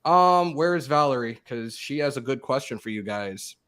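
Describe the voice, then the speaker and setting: A man hosting a casual fan roundtable, excitable, swearing freely and acting out what others said to him. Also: moderate pace. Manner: excitable, swears freely, acts out quotes with big pitch jumps. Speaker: podcast host.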